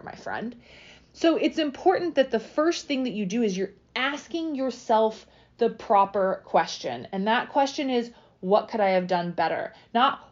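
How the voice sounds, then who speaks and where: Woman, 30s, solo podcast host and fitness coach; direct, pumped-up delivery, slightly high voice. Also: lo-fi sound. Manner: energetic, direct, motivational.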